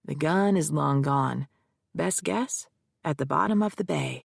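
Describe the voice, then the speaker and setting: A woman's voice: deep voice, unhurried, gravelly, slightly rough, no room sound, studio quality, full character voice. A woman narrating an audiobook voices a blunt male investigator in clipped, terse lines.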